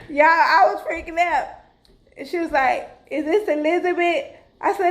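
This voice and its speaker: Woman, middle-aged, high-pitched voice, animated storytelling vlog. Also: moderate pace, creaky. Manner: animated, dramatic, addresses viewers as "y'all". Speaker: vlogger. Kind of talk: casual storytelling to camera.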